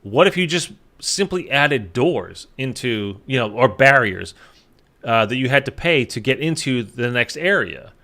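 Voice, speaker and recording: A gaming YouTuber chats casually to his viewers about a game, rambling with lots of fillers and the odd swear, tired from too little sleep. His mid-range voice is pushed and bright, a little slow, with lively intonation.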